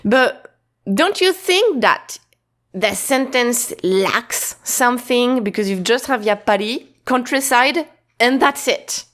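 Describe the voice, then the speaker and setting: Woman, teacher, unhurried, patient, repeats herself, casual lesson talk. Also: fairly high pitch, expressive, fairly bright tone. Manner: slow, repetitive, patient explaining with many restarts and fillers. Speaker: Japanese teacher.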